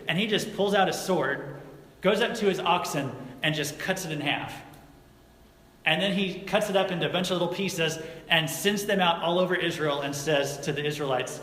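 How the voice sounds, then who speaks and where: A man's voice: on the high side, fairly quick. Man preaching casually in an echoey hall. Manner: conversational, asks the audience questions. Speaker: youth pastor. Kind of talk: casual youth sermon retelling a Bible story. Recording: echoey hall recording, faint noise.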